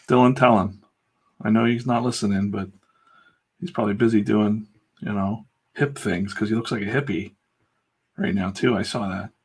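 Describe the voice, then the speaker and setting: A man's voice: lowish voice, fairly even intonation, normal speed, long pauses, darkish tone, husky. A middle-aged man, a comic artist, chatting casually while he draws on a live stream, blunt and prone to fired-up pep talks with mild swearing.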